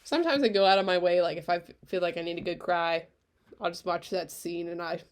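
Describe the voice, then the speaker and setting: A woman co-hosting a casual podcast, talking in an animated way, swearing freely, often trailing off and starting over. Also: on the low side, brisk. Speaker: podcast co-host. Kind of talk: casual chat.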